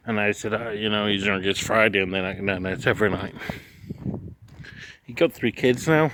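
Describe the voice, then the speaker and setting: This travel vlogger, a man in his forties, talks to camera in a casual, frank recap of his day, rambling, restarting and cursing. His lowish voice is a bit bright, with slight background noise.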